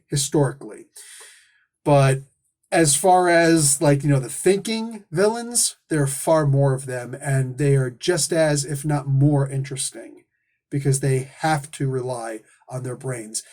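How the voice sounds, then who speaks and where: A man's voice: on the high side, mellow. A man hosting a casual comic book review, talking in an enthusiastic, rambling, casually profane way.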